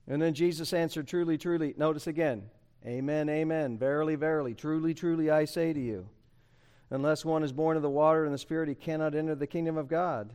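Emphatic high-voiced male preacher. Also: steady tone, brisk, a little mellow, smooth. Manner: emphatic, conversational preaching with rhetorical questions. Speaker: pastor. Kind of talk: sermon.

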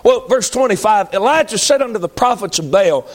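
A man's voice: sits high, expressive, a little fast, few pauses. A man preaching a sermon in an emphatic, folksy way, repeating lines for effect.

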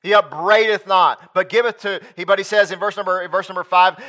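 A man preaching a sermon to his congregation, swinging between loud emphatic peaks and quiet low asides, and reading scripture aloud in old-fashioned wording. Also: fairly even intonation, a little fast, hardly any pauses. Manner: reads scripture aloud in King James wording.

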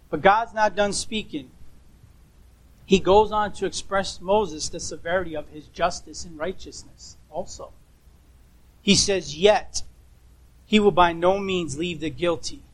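Male preacher with a high voice, delivering an emphatic, repetitive sermon. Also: low-quality recording. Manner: emphatic, rhetorical questions and repetition.

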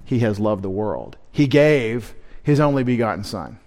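A man's voice: on the low side, expressive, normal speed, darkish tone. A man preaching a midweek sermon as pastor, emphatic, asking rhetorical questions and quoting scripture.

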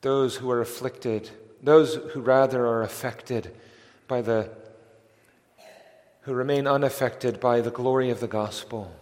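A man preaching a sermon in an earnest, emphatic voice, stumbling over words as he builds to a climax. His voice has a middle pitch and rings out with the long reverb of a large church hall. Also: steady tone, unhurried, a little mellow. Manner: earnest, emphatic, with repeated restarts and rising intensity.

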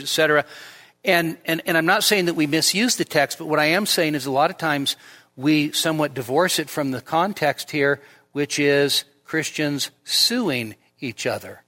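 A man preaching in a church sanctuary, with a high-pitched voice. He delivers an expository sermon with emphatic stresses. The long reverb of the hall trails each phrase. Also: normal speed, pushed and bright. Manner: emphatic, rises sharply on quoted lines. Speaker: pastor.

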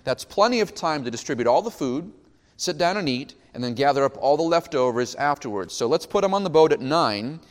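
A man preaching a sermon as pastor, working through a scripture passage with dramatic pauses and emphasis. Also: fairly high pitch, animated, big-room sound. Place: church sanctuary.

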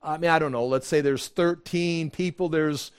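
A man teaching a Bible study class in a relaxed, conversational way, often restarting his sentences and acting out quotes. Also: fairly high pitch, normal speed, clear, resonant tone.

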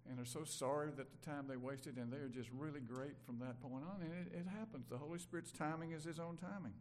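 Older pastor preaching. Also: male voice, a little high, fast talker, a little hiss or hum. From Mississippi, USA. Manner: conversational preaching, swings between loud emphasis and quiet asides. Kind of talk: sermon.

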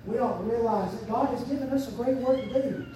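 A man preaching a fervent sermon as pastor, swinging from quiet asides up to loud shouts. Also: a little fast, a little hiss or hum. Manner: fervent preaching, surging to shouts and dropping low. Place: church sanctuary. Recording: very echoey church sanctuary, mic at a distance.

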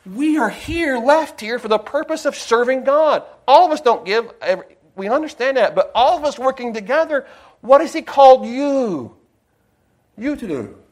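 A man preaching a sermon in a folksy, digressive way, slowing down to stress his points and slipping in personal stories. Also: very high-pitched, expressive.

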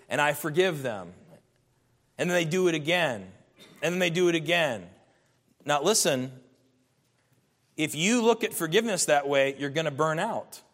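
A man's voice: fairly high pitch, fairly bright tone, big-room sound. A man preaching a sermon as a pastor, earnest and emphatic, his voice rising in bursts.

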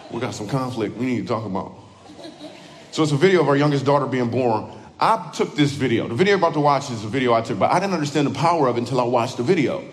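A man telling a story about his newborn daughter in a devotional video, relaxed with light humor. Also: mid-range voice, rapid-fire. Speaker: video speaker. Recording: video with music underneath and reverb.

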